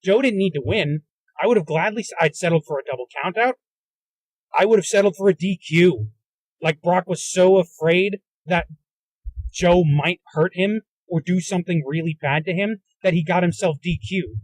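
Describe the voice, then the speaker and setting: A man's voice: high-pitched, normal speed, no room sound, rough recording. A man hosting a podcast, giving a heated, profane and exasperated solo rant from inside a moving car. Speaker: podcast host.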